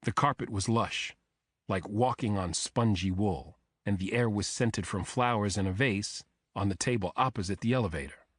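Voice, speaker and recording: A man narrating a thriller audiobook in the first person, telling the story in a measured, even way. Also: on the low side, husky, dry recording, studio quality.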